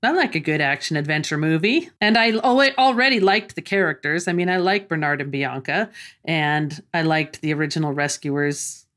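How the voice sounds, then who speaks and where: A middle-aged woman co-hosting a podcast with her son, chatting in a relaxed, reminiscing way. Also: low voice, moderate pace. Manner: relaxed, reminiscing, easy laughter. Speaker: podcast co-host. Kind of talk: casual podcast chat.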